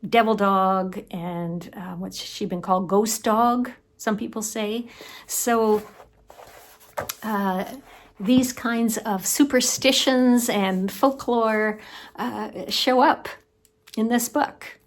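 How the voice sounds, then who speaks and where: A woman hosting her own book review channel, talking in an unhurried, thoughtful, conversational way. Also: mid-range voice, steady tone. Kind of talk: casual book review vlog.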